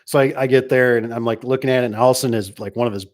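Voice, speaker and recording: A man's voice: medium pitch, fairly even intonation, racing. A middle-aged man who owns a garage door company, talking casually in a rambling way and acting out the people he quotes. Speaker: garage door business owner. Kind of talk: casual monologue reading comments.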